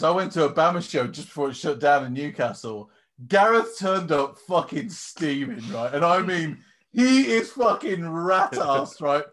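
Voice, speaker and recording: A man's voice: sits high, fairly bright tone. A man co-hosting a podcast, telling swearing-laden anecdotes in casual chat and mimicking people with laughter. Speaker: podcast co-host.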